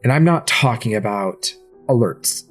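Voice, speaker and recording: A man's voice: mid-range voice, animated, unhurried. Guy game-mastering a tabletop game, vivid descriptive narration, faint music behind.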